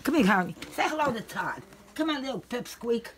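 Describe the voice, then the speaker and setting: A woman's voice: on the high side, lively intonation, fairly quick, a little hiss or hum. Rambling, salty-tongued woman at home. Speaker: dog owner giving up her pets. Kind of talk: casual chat. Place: indoors in her home.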